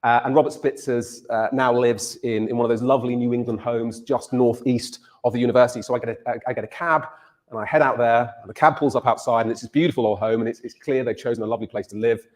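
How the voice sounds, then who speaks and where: A man's voice: mid-range voice, fairly even intonation, fast talker, a little mellow. A male university lecturer giving a lecture and telling a story, repeating words as he starts his phrases.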